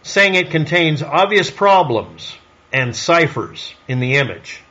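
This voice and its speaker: A man's voice: a little high, very animated, takes it slowly, bright, forceful tone, muffled recording. A man delivering a solo commentary monologue in a snarky, sarcastic way, firing off rhetorical questions. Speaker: online commentator.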